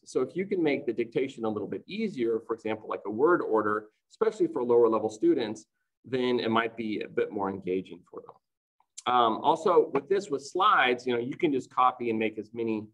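A man's voice: mid-range voice, expressive, a little fast, fairly bright tone, poor audio. A man presenting to fellow teachers in an online conference talk, explaining classroom activities in a chatty way and often checking in with "right?".

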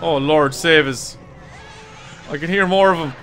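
A young man doing let's play commentary on a horror game, swearing freely and yelling at enemies. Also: fairly high pitch, a little slow, very noisy. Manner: swears a lot and yells at enemies. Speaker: gaming YouTuber.

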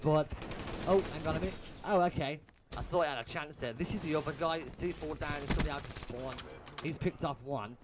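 A man's voice: on the high side, brisk, very noisy. A young man giving exasperated, swearing commentary over his own match replay. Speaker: gaming YouTuber. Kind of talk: profane gameplay commentary rant. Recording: game gunfire loud behind voice. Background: game gunfire and shots.

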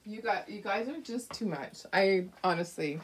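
A woman's voice: mid-range voice, normal speed, a little hiss or hum. A middle-aged woman hosting a crafting livestream, chatting casually and affectionately with viewers and greeting them by name.

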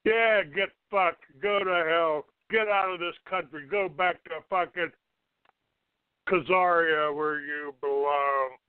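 A man's voice: a little high, slow pace, clean tone, dry recording. A man hosting a call-in show, hostile and profane, cursing and insulting callers. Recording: tinny phone-like audio.

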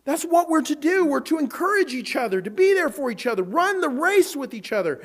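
A man preaching a sermon in a church as the pastor, animated, acting out quotes and repeating words as he goes. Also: extremely high pitch, fairly quick, few pauses.

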